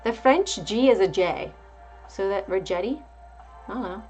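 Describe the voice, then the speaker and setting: A woman's voice: mid-range voice, animated, a little slow, a little mellow, highs cut off, soft background music. A woman hosting a casual live market stream, calling out price levels and chatting back to viewers. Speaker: livestream market host.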